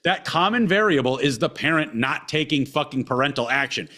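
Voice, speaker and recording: A man's voice: mid-range voice, expressive, a little fast, bright, forceful tone. A man co-hosting a podcast, ranting heatedly and profanely with lots of repetition. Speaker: podcast co-host.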